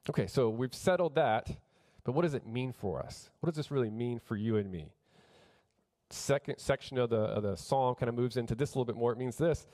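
A man's voice: mid-range voice, fairly quick, mellow. Earnest middle-aged male preacher. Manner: earnest, builds emphasis with repetition, frequent restarts. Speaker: pastor. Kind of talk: sermon.

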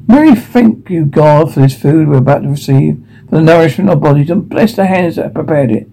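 A man's voice: a little high, brisk, gravelly, mellow, rough recording. A man voicing a devout mother who keeps order at the family table in a firm, motherly way. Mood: prayerful.

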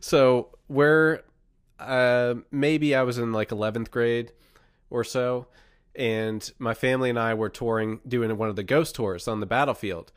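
Young male co-host, remote call, dry and close, animated storyteller acting out the quotes. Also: mid-range voice, measured pace, smooth, no echo. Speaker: podcast co-host. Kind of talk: casual chat, telling a personal ghost story.

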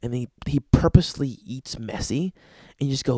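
A young man hosting a podcast, telling rambling, profane comedic stories in a casual, animated way. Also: mid-range voice, moderate pace, dry recording, studio quality. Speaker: podcast host. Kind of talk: casual comedic storytelling monologue.

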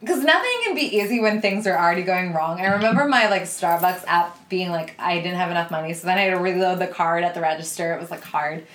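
Animated woman telling a story in a roomy echo. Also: on the low side, quick pace, few pauses. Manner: animated, laughs often, swears freely. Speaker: podcast host. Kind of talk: casual storytelling.

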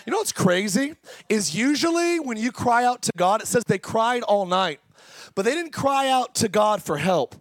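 A male pastor preaching an impassioned sermon that swings between fast talk, slow drawn-out words and shouting. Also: extremely high pitch, expressive, no room sound. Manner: impassioned preaching, often shouting, sudden speed changes. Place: church service.

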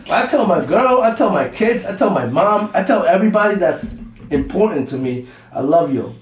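A man's voice: high voice, moderate pace. A man co-hosting a comedy podcast, chatting casually and animatedly with lots of slang and repetition. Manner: animated, repeats himself, slang-heavy. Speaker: podcast co-host. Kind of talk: casual chat. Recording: roomy echo, mic at a distance.

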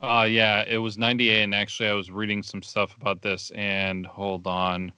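A man's voice: fairly low pitch, flat delivery, normal speed, sharp tone, clean tone, no room sound. A man co-hosting a podcast, giving brief, agreeable replies in a casual movie chat. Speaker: podcast co-host.

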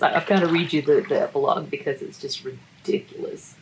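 A woman's voice: low voice, steady tone, a little fast, slight background noise, low-quality recording. A woman in a casual, wry book review chat who laughs often between her remarks.

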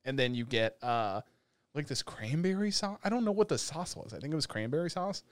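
A man co-hosting a podcast, telling a long animated rant in casual chat. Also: a little high, fairly quick, dry recording. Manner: animated ranting storyteller. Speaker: podcast co-host.

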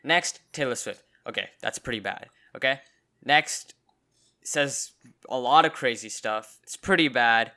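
Young male co-host, bright and crisp, stammers through loose chat. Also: medium pitch, unhurried. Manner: stammering, frequent restarts. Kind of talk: casual chat.

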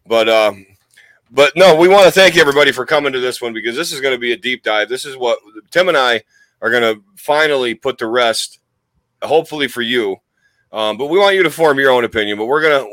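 On a rough recording with no room sound, a podcast co-host talks fairly quickly in a mid-range, slightly bright voice. His casual comedy show is full of folksy cussing and vivid comparisons, with a put-on cowboy drawl at times.

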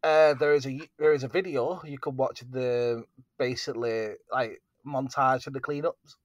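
A man's voice: mid-range voice, steady tone, moderate pace, dry recording, studio quality. A man co-hosting a podcast in casual chat, rambling with many fillers. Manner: rambling, laughing, filler-heavy. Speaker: podcast co-host.

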